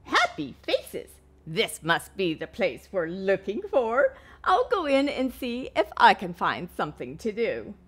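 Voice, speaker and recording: A woman voicing a bored, bossy little hen in a picture-book read-aloud, squawking loudly and emphatically. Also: wildly swooping pitch, measured pace, breathy edge, heavily acted. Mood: excited. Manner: shrill squawking, loud and emphatic.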